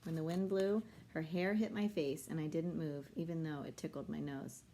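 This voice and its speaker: A woman reading a children's novel aloud with a low-set voice. She tells the story steadily, switching into the children's voices for dialogue. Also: steady tone, moderate pace, dark tone, slight background noise. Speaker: reader.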